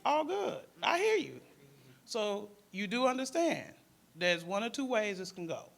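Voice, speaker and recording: A man's voice: high-pitched, very animated, a little slow, vocal fry, a bit bright. A man with a Detroit accent, a panelist and former crisis worker, telling a story in casual speech and acting out the voices of the people in it.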